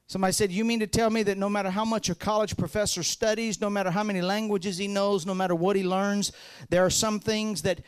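High-voiced preacher. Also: male voice, clear, resonant tone, no echo. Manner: folksy, joking preacher, rises to loud fervent peaks. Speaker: pastor. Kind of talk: sermon.

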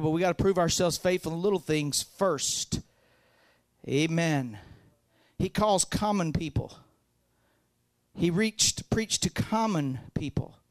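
A man preaching a sermon, folksy and joking, rising to loud fervent peaks. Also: high-pitched, no echo. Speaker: pastor.

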